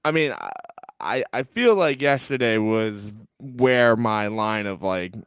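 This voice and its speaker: A man co-hosts a sports podcast, joking around in a sleepy, casual way and talking over his co-host. His voice is on the low side, a bit bright and smooth, and he speaks slowly and expressively. The sound is clean studio audio without echo.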